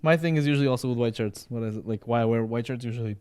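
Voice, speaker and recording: A man's voice: medium pitch, rapid-fire, darkish tone, clear, resonant tone. A man in casual podcast conversation, rambling and repeating words, often checking in with "right?" and "you know". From Sephardi background.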